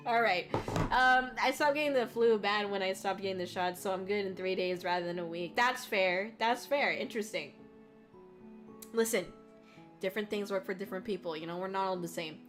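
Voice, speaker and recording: A woman's voice: medium pitch, brisk, fairly bright tone. Giggly swearing woman streamer. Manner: swearing, giggly, rambling, laughs often. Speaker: VTuber streamer. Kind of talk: casual live-stream chat reading viewer comments. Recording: faint music underneath.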